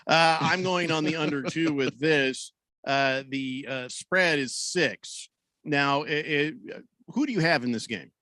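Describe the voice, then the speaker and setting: A man behind the studio mic of a sports radio show, a touch higher than most men and a little out of breath. He rambles through stories with plenty of jokes and restarts. The sound is close and dry. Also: unhurried, sharp tone, no echo. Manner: joking, rambling, frequent restarts. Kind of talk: casual sports radio talk. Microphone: studio microphone.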